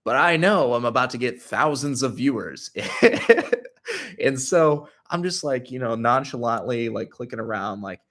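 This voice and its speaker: A man's voice: medium pitch, normal speed, hardly any pauses, a bit bright. A young adult man on his channel, telling a story casually and animatedly, full of filler words. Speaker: YouTuber.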